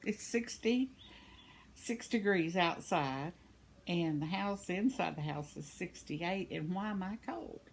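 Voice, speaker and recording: Chatty older woman, gravelly. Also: on the low side, expressive, takes it slowly, slight background noise. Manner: chatty, laughs often, warm storytelling. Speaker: vlogger reading viewer comments. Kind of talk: casual chat. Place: at home, indoors.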